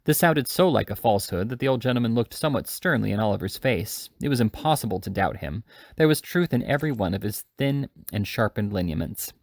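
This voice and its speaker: Gravelly-voiced man reading a classic novel. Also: lowish voice, dry recording, clean studio sound. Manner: measured, steady reading aloud. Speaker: reader. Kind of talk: audiobook reading.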